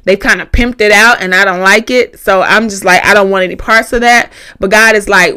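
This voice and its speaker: A woman's voice: medium pitch, fairly even intonation, fairly quick, few pauses, sharp tone, clear, resonant tone. A woman speaking on a podcast, giving an impassioned faith testimony, preacherly and direct, repeating key phrases, tearful at times.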